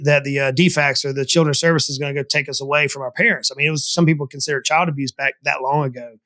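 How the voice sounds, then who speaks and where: A middle-aged man from the southern United States spins his story at a brisk clip, his voice sitting high and lively. He is an animated, emphatic storyteller guesting on a business podcast. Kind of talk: storytelling interview talk.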